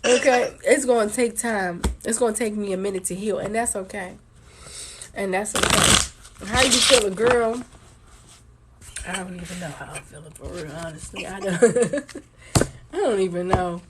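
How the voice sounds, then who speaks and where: Amid heavy background noise, a woman with a medium-pitched voice does a casual live stream card reading for viewers at a moderate pace with long pauses. She has a sore throat and holds back a cough, speaking bluntly, swearing a lot and repeating points for emphasis.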